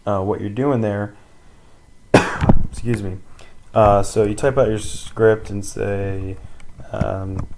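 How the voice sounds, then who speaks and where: A man teaching a casual screen-recorded tutorial, rambling with many pauses and ums. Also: on the low side, fairly even intonation, very noisy.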